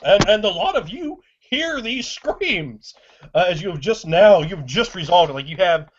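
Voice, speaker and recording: A man running a tabletop horror game as game master, setting scenes slowly and darkly. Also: high voice, big pitch swings, slight background noise. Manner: slow, brooding scene-setting. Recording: dull lo-fi recording.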